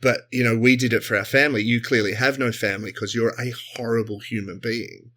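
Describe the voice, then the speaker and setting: A man's voice: medium pitch, fairly even intonation, brisk, sharp tone. A man retelling a story and voicing a scornful male crewmate who accuses another of having no family. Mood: accusing.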